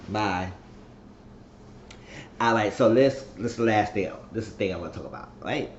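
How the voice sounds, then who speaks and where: Man, casual show recap, acts out the characters' lines, low voice, muffled lo-fi sound, faint ambience. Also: fast, a little hiss or hum. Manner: retells scenes by acting out the characters' quoted lines. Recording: echoey room, dull lo-fi sound.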